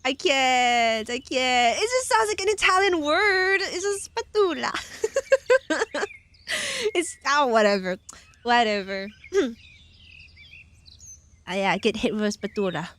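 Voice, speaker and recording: Her voice sits high and is animated and a bit bright, delivered slowly with long pauses. The young woman is a virtual streamer casually reading tarot card meanings aloud, frequently giggling and stopping for playful chat.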